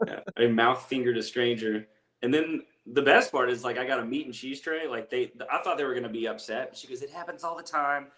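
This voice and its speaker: A man's voice: medium pitch, fairly quick, fairly bright tone. A young man with an Appalachian accent, a comedian telling a rambling, self-deprecating story in casual chat. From East Tennessee. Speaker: comedian guest. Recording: echoey room.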